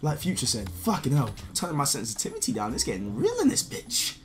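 A man's voice: fairly high pitch, huge pitch swings, brisk, faint music behind. A man, commentating live gameplay and throwing profane, repetitive insults at other players in voice chat. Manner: brash, profane trash-talking, repeats insults over and over. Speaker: gaming video creator.

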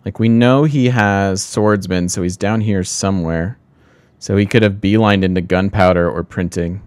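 Low-voiced man thinking aloud over gameplay. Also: fairly even intonation, moderate pace, smooth, dry recording. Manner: thinking aloud, self-mocking, laughs often. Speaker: let's play host. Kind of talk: casual gameplay commentary.

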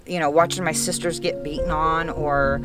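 A woman's voice: low voice, fairly even intonation, moderate pace, far from the mic, music in the background. A woman frankly sharing a painful life story as an interviewee, emotional and close to tears, swearing freely. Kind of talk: candid personal storytelling.

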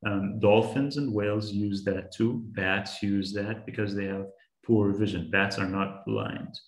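A man's voice: lowish voice, fairly even intonation, a little slow, echoey room, poor audio. A man teaching young students about sound, patiently building simple examples with frequent restarts. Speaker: science educator.

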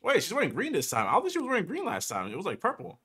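A young man reacting to a film, excitable and slangy, blurting confused outbursts as he watches. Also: sits high, racing. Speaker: anime reactor. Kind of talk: reaction video commentary. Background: film soundtrack music.

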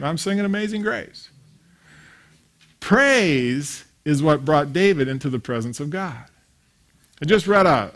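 Man in his fifties, sermon, fairly high voice, storytelling, acts out characters. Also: fairly bright tone. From grew up attending a small country church. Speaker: pastor.

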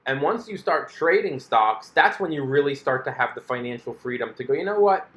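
A man's voice: mid-range voice, brisk, fairly bright tone, reverberant. A man hosting a personal finance video, explaining things in a casual monologue and acting out an investor's inner voice. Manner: chatty, acts out an investor's inner voice in quotes.

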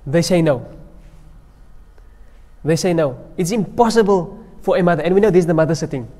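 A man's voice: a little high, normal speed, long pauses, mellow. A man giving a Ramadan sermon as a sheikh, telling stories and reciting Arabic phrases, in a mosque hall. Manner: storytelling preacher, mixing in Arabic recitation. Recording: long echo of a mosque hall.

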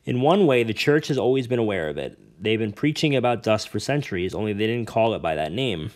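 A man reading the part of a cool, aloof nobleman who explains things calmly and at length. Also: lowish voice, fairly quick. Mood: calm, explaining. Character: cool, aloof nobleman father, calm and lecturing.

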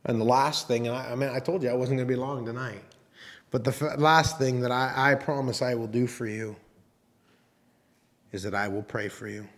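A man preaching a sermon as pastor, talking in a conversational, halting way with restarts and teasing asides. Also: medium pitch, fairly even intonation. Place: church sanctuary.

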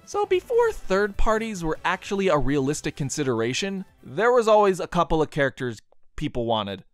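A man's voice: fairly high pitch, wildly swooping pitch, moderate pace, dry recording, faint music behind. A man giving scripted video essay narration, slipping in dry, joking asides.

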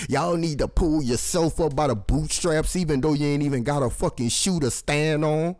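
A man's voice: on the high side, moderate pace, hardly any pauses. Ranting, foul-mouthed male host. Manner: angry, preachy, swears constantly. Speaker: commentary show host. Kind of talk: profane ranting commentary.

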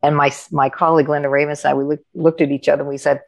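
A deep, fast, creaky-voiced middle-aged woman, a coach being interviewed, narrates lively anecdotes and acts out what others said. The high frequencies of the recording are cut off.

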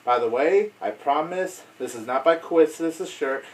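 Excitable chatty male vlogger. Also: a little high, moderate pace, far from the mic. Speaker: video blogger. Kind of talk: casual unedited chat to camera.

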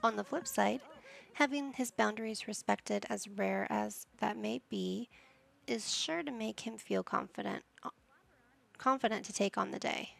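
A woman's voice: medium pitch, measured pace, vocal fry, a bit bright. A woman gaming YouTuber giving chatty let's play commentary, narrating each move she picks. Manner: chatty, narrating her own game moves.

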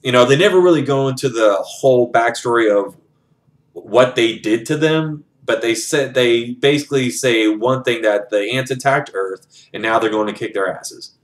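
A man's voice: mid-range voice, moderate pace. Casual man retelling a book. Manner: loose, profane, many fillers. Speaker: book reviewer.

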